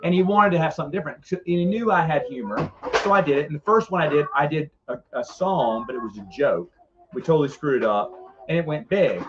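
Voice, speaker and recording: A middle-aged man with a fairly high voice tells rambling stories with lively energy, often restarting his sentences. The sound is dull and lo-fi, like a modest podcast setup. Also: quick pace, noisy background. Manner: rambling, animated, frequent restarts. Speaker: podcast co-host. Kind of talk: casual storytelling chat.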